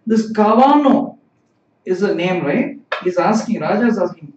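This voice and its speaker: A man's voice: high voice, animated, moderate pace, a little mellow. A man teaching a live-streamed language lesson, explaining patiently and repeating phrases. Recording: roomy, distant, dull sound.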